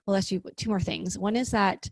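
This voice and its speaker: A woman speaking as a podcast guest over a remote call, lively and chatty with frequent "like" asides. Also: medium pitch, fairly quick, no echo. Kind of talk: casual conversational interview.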